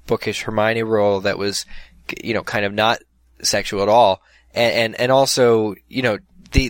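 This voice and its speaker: A man's voice: lowish voice, no echo. A man co-hosting a casual chat about films, rambling with many restarts and fillers.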